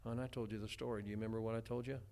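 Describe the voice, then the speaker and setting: A man's voice: lowish voice, level tone, rapid-fire, dark tone. Folksy man preaching a sermon. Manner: homespun, chatty, many restarts and stammers.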